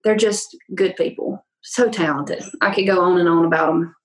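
Guest: young Southern woman with a thick Louisiana drawl, lively, laughing, casual podcast chat. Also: lowish voice, normal speed, low-quality recording. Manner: laughs often, animated storytelling. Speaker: country singer-songwriter guest.

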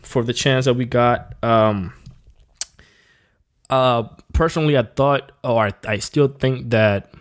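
A man who used to rap, a guest on a casual podcast, telling stories in a profane, animated way with many restarts. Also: medium pitch, slow pace, clear, resonant tone. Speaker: podcast guest, former rapper. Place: small home recording room.

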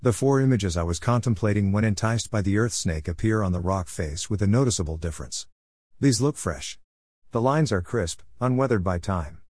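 A man reading his own reflective story in a measured, wry way. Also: lowish voice, lively intonation, a little mellow, no room sound. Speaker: narrator.

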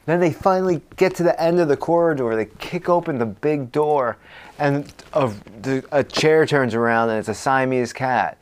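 A man co-hosting a comedy podcast, improvising a horror movie plot in a rambling, energetic way with frequent fillers. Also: mid-range voice, moderate pace, clean tone. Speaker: podcast co-host.

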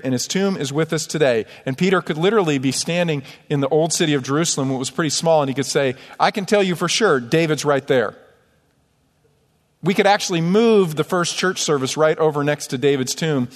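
A man preaching a sermon as pastor, emphatic, reading scripture aloud between his own points. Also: fairly high pitch. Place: church sanctuary. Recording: long church hall reverb.

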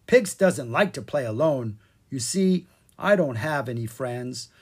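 A reader voicing a small, excitable fairy boy in a children's audiobook, who speaks of himself by name and demands constant play. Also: mid-range voice, a little slow, husky. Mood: playful, curious. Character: excitable male fairy child, self-absorbed, loves play.

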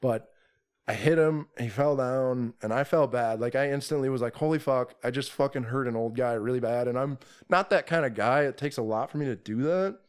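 A young man casually telling a profane, animated story as a podcast guest. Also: mid-range voice, brisk, clean tone.

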